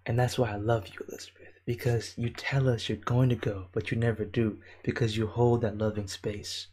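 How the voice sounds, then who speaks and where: A man's voice: mid-range voice, steady tone, moderate pace, few pauses, mellow, a little hiss or hum. A young man hosting a casual livestream, talking loosely with slang and swearing, laughing often and reading viewer comments aloud with affection. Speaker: livestream host.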